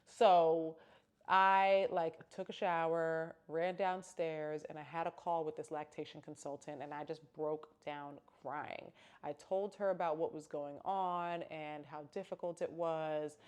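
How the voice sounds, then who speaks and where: A woman's voice: deep voice, flat delivery, a little slow, darkish tone, smooth. A young woman telling a personal story in a casual, candid vlog, with emphatic exclamations. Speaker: vlogger.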